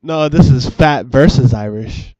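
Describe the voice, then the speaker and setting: A man's voice: mid-range voice, a little slow, a little mellow, lo-fi sound. A man co-hosting a casual webcam chat show, joking and mocking himself, recorded on a cheap desk microphone. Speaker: co-host and editor.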